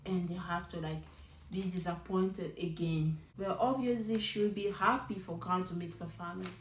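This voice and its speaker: A woman's voice: fairly low pitch, moderate pace, a little hiss or hum. Chatty woman recapping in a roomy room. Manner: chatty and animated, talks straight to the show's cast. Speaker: reality show recapper. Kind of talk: casual recap commentary.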